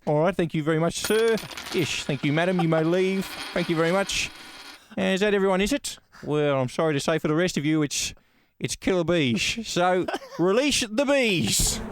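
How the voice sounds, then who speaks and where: Smug, mock-courteous con man onstage, as a man puts him on, slightly high and dry, showman patter with quiet menace. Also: clear, resonant tone, dry recording, natural voice. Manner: showman-like, falsely polite, menacing. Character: smug male theatre con man extorting his audience. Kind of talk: improvised radio comedy sketch.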